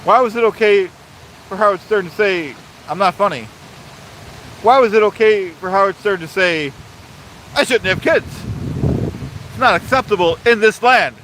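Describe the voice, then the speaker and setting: Man, pompous livestream host, talks about himself in third person, high-pitched, faint outdoor hiss behind. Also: normal speed, pauses often, a bit bright, low-quality recording. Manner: repetitive, mock-authoritarian. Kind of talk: live-streamed rant reading chat. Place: outdoors by a waterfall.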